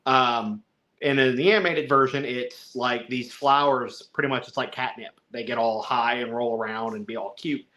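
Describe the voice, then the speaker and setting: A man's voice: medium pitch, fairly even intonation, moderate pace, pushed and bright. A man co-hosting a casual film review chat, rambling, chuckling and acting out lines in little voices. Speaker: podcast co-host reviewing a film.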